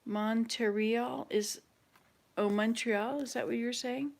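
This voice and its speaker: Woman, channel host, casual chat, unhurried, hesitant, thinking aloud. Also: fairly high pitch, steady tone, vocal fry. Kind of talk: casual chat to online viewers.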